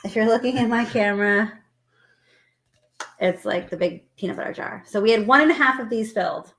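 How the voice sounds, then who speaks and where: A woman's voice: mid-range voice, brisk, fairly bright tone. A woman co-hosting a casual live stream, chatting and reading out lists of viewer guesses. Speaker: livestream co-host.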